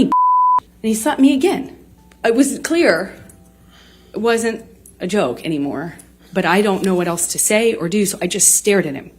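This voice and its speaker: A woman in her thirties testifying in court, halting and restarting often with many fillers. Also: mid-range voice, animated, a little mellow, slight background noise.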